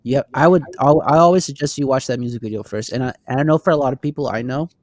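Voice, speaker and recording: Animated man, dry close sound. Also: mid-range voice, quick pace, no echo. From Texas. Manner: animated, swears, laughs often. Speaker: podcast co-host. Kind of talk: casual chat.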